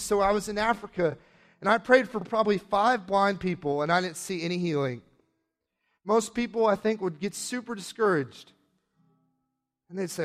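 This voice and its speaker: High-voiced passionate male preacher. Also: moderate pace. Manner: passionate, swings from hushed to shouting. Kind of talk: sermon with personal testimony.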